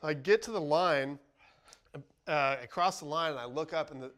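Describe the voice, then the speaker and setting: A man hosting a podcast, telling a relaxed story in casual chat, laughing often and filling with "like". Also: a little high, moderate pace. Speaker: podcast host, baseball pitcher.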